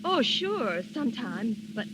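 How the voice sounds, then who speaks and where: A woman's voice: fairly high pitch, big pitch swings, measured pace, background noise. An actress playing a shy, earnest young shop girl in a 1940s radio drama, with music behind. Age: young adult. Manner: timid, earnest.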